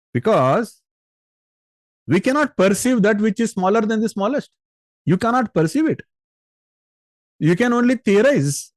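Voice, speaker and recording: A man's voice: sits high, no echo. Patient male spiritual teacher, dry sound. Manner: patient, explanatory, with rhetorical questions to listeners. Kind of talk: spiritual discourse on scripture.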